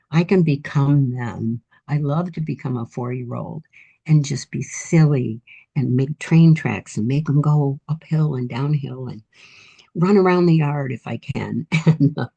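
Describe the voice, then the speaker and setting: A woman's voice: very deep voice, gravelly, warm tone, slightly rough. A woman in her eighties, an author guest telling life stories in a reflective, encouraging way. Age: 80s. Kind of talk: casual interview storytelling.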